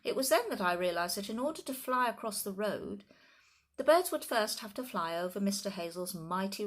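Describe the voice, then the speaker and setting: Woman narrator, storybook reading, animated pitch, expressive. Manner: expressive, lively. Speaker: audiobook narrator.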